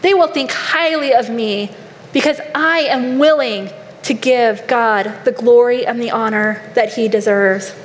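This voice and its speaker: A woman's voice: a little high, measured pace, close to an everyday voice. Woman voicing a pointed, defiant king. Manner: pointed, firm. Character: defiant devout king answering his wife, man. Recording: long hall reverb, faint noise.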